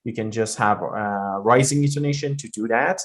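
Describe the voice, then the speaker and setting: A man's voice: fairly low pitch, normal speed. A man teaching English pronunciation, explaining intonation in loose everyday talk with many fillers and spoken examples.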